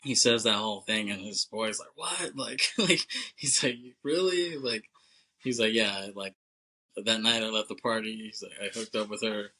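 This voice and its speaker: A man's voice: fairly low pitch, steady tone, normal speed, bright, forceful tone, poor audio. A young man co-hosting a podcast, casually recapping a movie plot with loose, profane talk and acted-out lines. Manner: loose and profane, acts out characters' lines with laughs. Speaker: podcast co-host.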